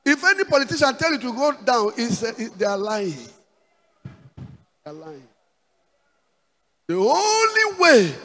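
A man with a Nigerian accent preaching a sermon as pastor, repeating words and dropping in asides like "praise the Lord". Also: high voice. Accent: Nigerian English. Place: church hall. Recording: reverberant church hall with faint music.

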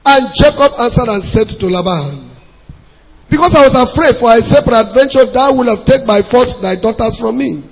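A Nigerian man preaching a sermon in a very high, husky voice. He tells a story and pushes up to shouts for emphasis. His voice rings out with a long hall reverb behind it. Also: expressive, moderate pace. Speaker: pastor.

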